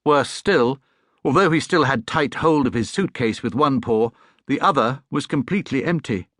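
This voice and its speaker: A man with an English accent narrating a children's audiobook in a warm, expressive storytelling manner. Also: medium pitch, moderate pace, dry recording, studio quality. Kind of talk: scripted narration. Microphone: studio mic.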